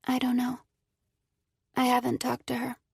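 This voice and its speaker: A withdrawn young girl recovering from injuries, her words a little slurred and soft, as a woman puts her on. She answers in short, guarded phrases in a storybook reading, her voice with a light gravelly grain. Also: fairly high pitch, completely flat delivery, measured pace, no room sound, clean studio sound, pitched above the performer's own voice, full character voice. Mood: subdued. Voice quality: slightly slurred speech. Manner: quiet, guarded.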